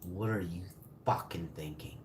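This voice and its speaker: A forty-year-old man rants on a live stream in a low voice, swearing and bitter. An echoey room rings around him, with a faint hum of ambience behind. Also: moderate pace. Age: 40s. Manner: profane, bitter, ranting. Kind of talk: angry live-stream rant.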